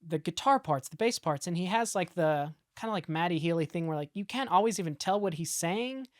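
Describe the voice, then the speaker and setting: A woman's voice: on the low side, animated, fairly quick, dry recording, clean studio sound. A woman in her late twenties, a guest musician, chatting casually and animatedly, full of fillers. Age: late 20s. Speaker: guest musician in a rock duo. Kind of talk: casual podcast chat.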